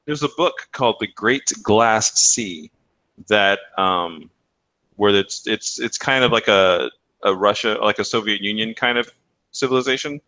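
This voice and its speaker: A man's voice: fairly low pitch, a little slow, sharp tone. A man co-hosting a podcast, chatting casually, rambling and swearing, laughing at his own jokes. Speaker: podcast co-host. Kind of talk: casual banter.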